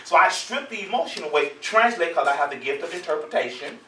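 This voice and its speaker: A man's voice: on the high side, quick pace, few pauses, bright, forceful tone, echoey room, far from the mic, slight background noise, rough recording. A man hosting a show as a relationship coach, preaching playfully to his audience with call-and-response and laughter.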